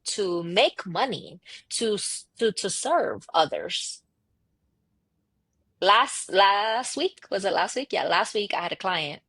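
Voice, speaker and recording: A woman's voice: medium pitch, husky, no room sound. A woman guest on a podcast, telling stories and acting out quoted dialogue with emphatic repetition. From United States, daughter of immigrants. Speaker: podcast guest, marketing entrepreneur. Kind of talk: casual conversational interview.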